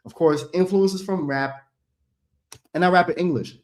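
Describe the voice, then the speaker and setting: A man's voice: sits high, moderate pace. Rambling, easygoing Dutch-born man. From Netherlands. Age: 30s. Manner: loose, rambling storyteller who laughs easily. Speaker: rapper and guest. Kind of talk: casual chat on a stream.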